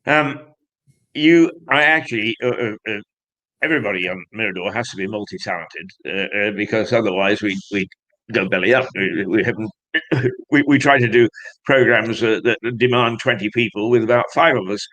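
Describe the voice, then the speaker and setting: A male host of a magazine show, interviewing a guest in a jovial, halting way. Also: fairly low pitch, fairly bright tone, poor audio. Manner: hesitant, many fillers and restarts, jovial.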